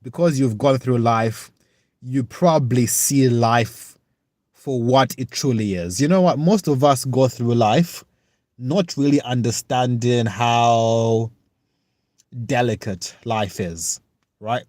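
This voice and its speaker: Earnest slow-talking man streaming live. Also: medium pitch, a little mellow, no room sound. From United Kingdom. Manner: earnest, reflective, halting. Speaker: livestreamer. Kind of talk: casual live chat, reading and answering viewer comments.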